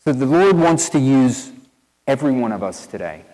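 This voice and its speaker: Southern pastor preaching in a reverberant church. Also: male voice, medium pitch, moderate pace. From East Tennessee, USA. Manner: conversational storytelling, animated and earnest. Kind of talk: sermon. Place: church sanctuary with long reverb.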